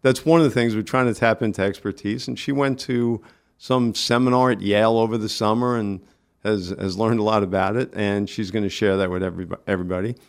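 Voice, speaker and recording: A man with a New York accent, a guest on a casual radio interview, talking in halting bursts with many restarts. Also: on the low side, fairly even intonation, smooth. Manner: halting, restarts often, friendly. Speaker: community organizer guest.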